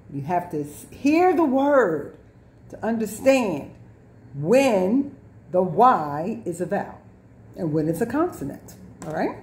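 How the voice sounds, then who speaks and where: A woman teacher giving a lesson to young children, repeating words, drawing out sounds and spelling words letter by letter. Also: mid-range voice. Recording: echoey room.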